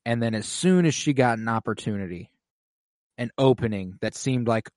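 A man's voice: mid-range voice, normal speed, darkish tone, dry recording. Man recapping a TV episode, dry sound. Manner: emotional, swears casually, says "like" often. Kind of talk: casual TV recap chat.

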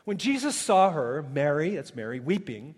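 A man preaching a sermon as a pastor, swinging between loud emphatic peaks and hushed, quiet passages. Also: on the high side, very animated, normal speed, long reverb tail. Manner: dynamic preaching, swelling loud then dropping soft.

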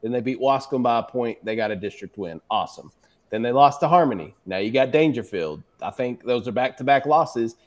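Man, mid-pitched, confident picks, light teasing. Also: lively intonation, a little fast. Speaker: podcast co-host. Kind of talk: casual sports chat.

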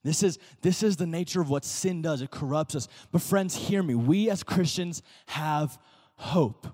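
Pastor, male, slightly higher voice, relaxed filler-heavy preaching, calls the room to repeat after him, long hall reverb. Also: a little slow. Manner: conversational preaching full of "like" fillers and restarts; leads call-and-response with the congregation. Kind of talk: sermon.

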